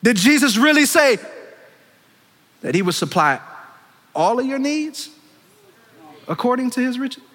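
A man preaching a sermon, swinging between loud impassioned calls and hushed, low asides. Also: very animated, unhurried, long pauses. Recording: long echoing reverb of a big hall.

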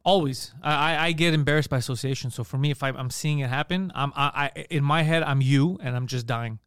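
A man's voice: medium pitch, fairly quick, fairly bright tone, smooth, no room sound, studio quality. A man talking as a podcast host in a casual chat, telling stories animatedly and acting out other people's lines, swearing freely.

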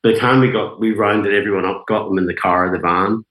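A very deep-voiced, middle-aged man with a Northern Irish accent settles into a casual interview as a guest guitarist. He tells meandering anecdotes and acts out what others said, his talk dotted with fillers. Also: steady tone, fairly quick, fairly bright tone, low-quality recording. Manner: rambling anecdotes, quoting others, many fillers.

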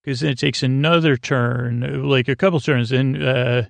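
A man's voice: medium pitch, steady tone, moderate pace, creaky, dry recording. A man hosting a podcast, recapping a TV episode in a rambling, casual way with lots of fillers. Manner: rambling, loose paraphrase with many fillers.

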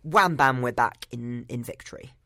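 A man's voice: mid-range voice, moderate pace, pushed and bright, no room sound, studio quality. A man co-hosting a podcast in casual chat, walking through a film's plot scene by scene and quoting the characters. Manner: retells film scenes step by step, quoting characters. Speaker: podcast co-host. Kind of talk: casual film recap chat.

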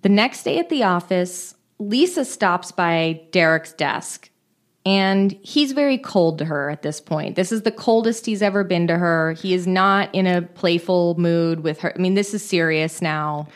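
Podcast co-host, woman, lowish voice, casual movie recap, blunt takes. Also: expressive, measured pace. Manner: plot-retelling, blunt opinions.

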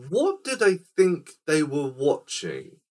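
A man's voice: on the high side, wildly swooping pitch, takes it slowly, darkish tone. A man hosting a casual film podcast, rambling and quizzical as he recaps a scene. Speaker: podcast host. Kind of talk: casual film-review chat.

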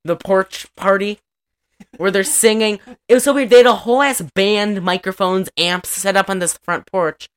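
A woman's voice: mid-range voice, normal speed. A young woman in casual podcast chat, recapping a movie in a rambling way with lots of "like" fillers and acted-out lines. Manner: rambling, many "like" fillers, acts out lines from the film. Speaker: podcast co-host.

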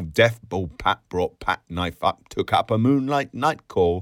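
Deep-voiced man reading with lyrical flair. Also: very animated, a little slow, no echo, studio quality. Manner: lyrical and theatrical, sliding into whispers and bursts. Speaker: audiobook reader. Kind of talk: literary reading aloud.

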